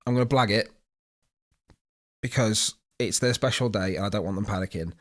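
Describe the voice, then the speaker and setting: A man's voice: lowish voice, moderate pace. A young man, a podcast co-host telling a story in casual chat, acting out quoted lines and swearing freely.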